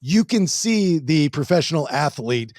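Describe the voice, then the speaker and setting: A man's voice: on the high side, expressive, unhurried, a little mellow, no echo. A man hosting a casual podcast, telling stories bluntly and acting out other people's lines in mock voices. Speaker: podcast host. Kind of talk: casual chat.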